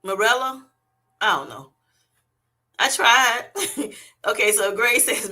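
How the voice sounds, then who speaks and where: A woman's voice: mid-range voice, expressive, unhurried, pauses often, bright, forceful tone. A woman hosting a livestream from her phone at work, reading out viewers' comments, laughing often and teasing them playfully. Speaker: livestream host.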